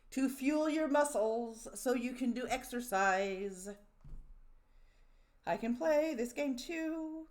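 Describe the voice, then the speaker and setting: Brief: woman streamer, high voice, exasperated and sweary, casual reaction rant. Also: fairly bright tone. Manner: profane, mocking, exasperated.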